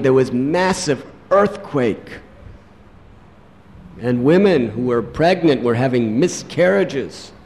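Slow, dramatic preacher man in a hall. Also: medium pitch, vocal fry, darkish tone. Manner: dramatic storytelling, slows for emphasis. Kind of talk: sermon. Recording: long hall reverb.

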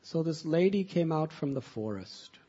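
A man telling devotional stories as a spiritual teacher, soft-spoken, with slow, drawn-out phrasing. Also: on the high side, lively intonation, husky, highs cut off. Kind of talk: devotional storytelling talk.

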